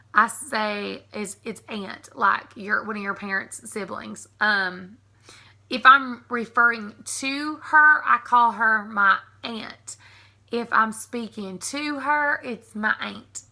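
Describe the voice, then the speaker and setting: A woman's voice: a little high, gravelly, bright, forceful tone. A woman in her thirties with an East Tennessee Southern accent, chatting casually and laughing as she reads a list of words on her vlog. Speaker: YouTube creator.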